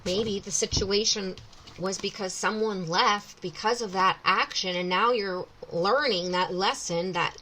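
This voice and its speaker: A woman's voice: medium pitch, unhurried, bright, forceful tone, a little hiss or hum, low-quality recording. A woman in her thirties giving an intuitive tarot reading, talking casually and often rephrasing as she thinks aloud. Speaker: tarot reader.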